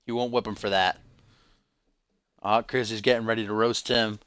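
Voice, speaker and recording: Man, stream host, casual wrestling-game commentary, joking, forceful tone, dry close sound. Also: on the low side, flat delivery, normal speed, clean tone, dry recording. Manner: joking, teasing chat asides. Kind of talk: live play-by-play of a wrestling video game.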